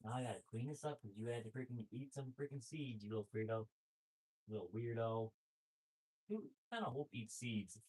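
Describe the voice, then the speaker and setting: A man's voice: medium pitch, expressive, moderate pace, darkish tone, slightly rough. A man, talking to his wolfdogs in a casual vlog. He scolds them with slang and swearing, saying how crazy they are. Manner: scolding animals, swearing, repeats "that's crazy, bro". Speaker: wolfdog rescuer and live streamer. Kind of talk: casual vlog talk to dogs and viewers.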